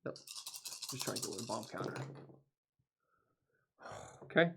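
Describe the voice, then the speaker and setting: A man's voice: medium pitch, lively intonation, a little slow, vocal fry, fairly bright tone, a little hiss or hum. A man playing a tabletop board game, counting dice aloud and coaching his partner through the rules in casual chat.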